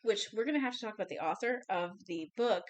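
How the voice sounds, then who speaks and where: A woman's voice: medium pitch, animated, fast talker. Chatty woman podcast co-host. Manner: chatty, swears freely, finishes co-host's sentences. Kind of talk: casual movie discussion.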